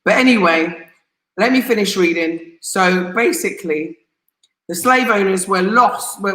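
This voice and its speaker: A woman from England hosts her own opinion commentary, reading the news aloud and tearing into it with sarcasm. Her voice is bright and forceful, and she drives her points home by repeating words. The recording carries a roomy echo. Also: mid-range voice. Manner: passionate, sarcastic and emphatic, repeating key words. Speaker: host.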